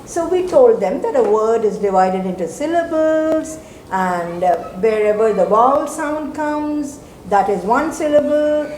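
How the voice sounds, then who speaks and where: A woman's voice: fairly high pitch, expressive, unhurried, a little mellow. A woman teacher with an Indian English accent, explaining step by step at a group meeting and switching between English and Hindi. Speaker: teacher and mentor. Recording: echoey room, faint background noise.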